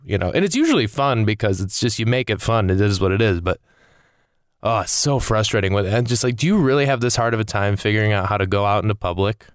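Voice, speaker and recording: Exasperated ranting man, smooth dry voice. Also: lowish voice, no room sound. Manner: exasperated ranting, swearing, rambling. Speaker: comedian podcast host. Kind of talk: casual comedic monologue.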